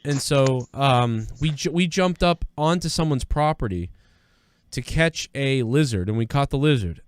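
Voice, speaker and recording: A man's voice: medium pitch, clean tone, dry recording, studio quality. A man hosting a live news-reaction stream, talking in a rambling, profane, conversational way. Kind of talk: casual live-stream commentary.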